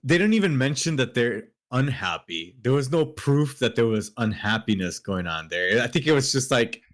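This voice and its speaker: A man's voice: mid-range voice, big pitch swings, moderate pace. A man, a guest on a podcast, chatting casually about a classic film.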